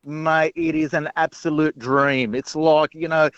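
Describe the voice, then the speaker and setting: A man's voice: fairly high pitch, flat delivery, unhurried, a bit bright, smooth, no echo, muffled recording. An enthusiastic Australian man giving a customer testimonial, saying mate in nearly every sentence. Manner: enthusiastic, says mate constantly.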